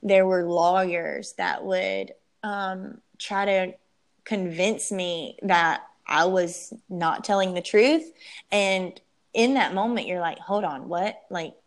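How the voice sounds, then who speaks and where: A young woman telling her personal story as an interview guest, emotional and halting, often restarting her sentences. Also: fairly low pitch.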